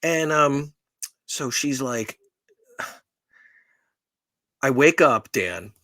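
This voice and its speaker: A man's voice: mid-range voice, lively intonation, drawn-out words, pushed and bright, no room sound. A middle-aged man co-hosting a podcast, telling a rambling, profane, self-deprecating story in casual chat. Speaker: podcast co-host.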